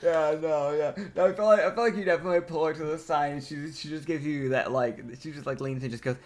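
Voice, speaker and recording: A man running a tabletop game, chatting casually and laughing a lot. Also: a little high. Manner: laughs often, quick and animated. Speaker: game master.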